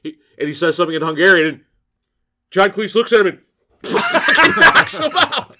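Guy on a podcast, kinda high pitched, super animated, cussing and laughing thru sketch retellings. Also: normal speed, slight background noise. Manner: animated, acts out quoted lines, laughs often, swears. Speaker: podcast co-host. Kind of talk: casual chat, retelling comedy sketches.

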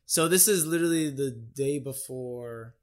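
A young man speaking as a guest on a podcast, in a mid-range voice at an everyday pitch. He tells his story in a loose, chatty way and keeps tacking "right?" onto his sentences. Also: measured pace, darkish tone. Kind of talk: casual storytelling.

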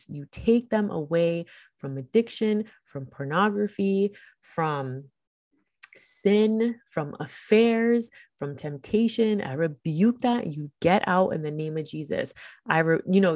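A woman's voice: lowish voice, no echo, studio quality. A woman hosting a faith podcast, preaching in a fervent, emphatic, conversational way.

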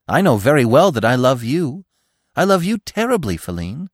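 A man's voice: a little high, very animated, measured pace, creaky, no echo, clean studio sound, pitched above the performer's own voice, exaggerated voice. A man reading a storybook and voicing a young male deer who pleads eagerly. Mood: pleading.

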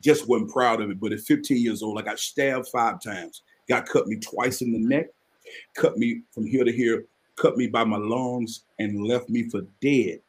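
A man, telling his life story as a guest on a live podcast, earnest and animated. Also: mid-range voice, normal speed. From Mississippi, US. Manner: earnest, animated storytelling with sudden excited rises.

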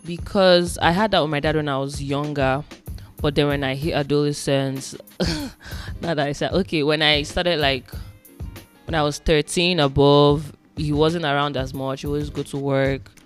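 A woman's voice: deep voice, fairly even intonation, normal speed, soft background music. A young woman from Nigeria, a guest in a casual chat, telling stories animatedly and acting out her parents' voices.

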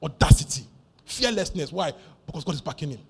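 A man preaching a sermon, animated and emphatic, repeating key phrases over and over. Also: a little high, a little fast, vocal fry, breathy edge. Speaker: pastor.

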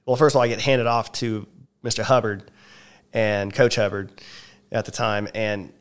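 A man's voice: lowish voice, normal speed, smooth. A man from Mississippi, hosting a podcast and telling laughing stories in casual chat. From Mississippi, USA. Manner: animated storyteller, laughs often. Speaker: podcast host.

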